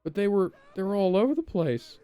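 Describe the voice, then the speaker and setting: Smooth-voiced sardonic podcast co-host. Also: medium pitch, animated, a little fast, dark tone, no echo. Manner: sardonic, profane ranting with mock laughter. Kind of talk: casual reaction commentary.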